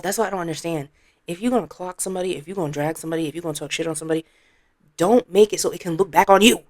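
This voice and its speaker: A commentary vlogger with a blunt, sassy manner, talking straight to the audience. The voice sits mid-pitch and sounds close and dry. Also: racing, a little mellow, dry recording. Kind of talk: casual commentary.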